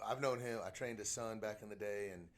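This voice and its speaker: A middle-aged man, hosting a casual podcast and telling lively coaching anecdotes. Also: on the low side, a little fast. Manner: chatty storyteller, animated anecdotes. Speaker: podcast host, shooting coach.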